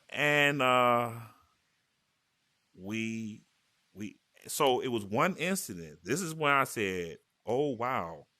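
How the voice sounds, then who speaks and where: Animated man telling a story. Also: mid-range voice, very slow, pauses often. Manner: animated, acts out quotes, stammering restarts. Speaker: podcast host. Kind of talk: casual storytelling chat. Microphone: VR headset mic.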